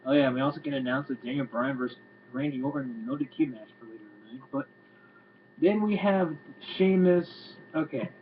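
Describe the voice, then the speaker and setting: A man's voice: medium pitch, brisk. A man giving a casual, rambling video review, sounding exasperated and swearing freely. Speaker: wrestling reviewer. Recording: tinny lo-fi home recording with faint hum.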